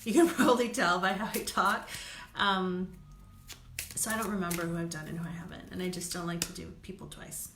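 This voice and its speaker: A woman's voice: lowish voice, steady tone, fairly quick, reverberant, background noise. A woman doing live card readings for viewers, chatty and laughing often, checking in with "okay?". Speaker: intuitive card reader.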